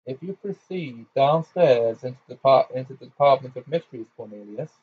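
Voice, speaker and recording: Man voicing an old wizard of calm authority in a storybook reading, measured and weighty, slightly muffled recording. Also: mid-range voice, slightly rough. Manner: measured, then thunderous. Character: commanding elderly male wizard, calm authority.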